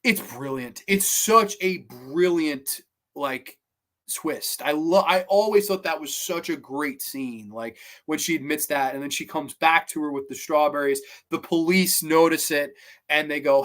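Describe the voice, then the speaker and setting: A man's voice: a little high, moderate pace, fairly bright tone. A man hosting a show, giving a casual, enthusiastic, rambling film review. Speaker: podcast host.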